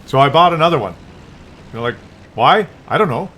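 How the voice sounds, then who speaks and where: A man's voice: fairly high pitch, lively intonation, brisk, sharp tone. An older man talking in a loose, rambling monologue, often restarting words and acting out little scenes. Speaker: vlogger.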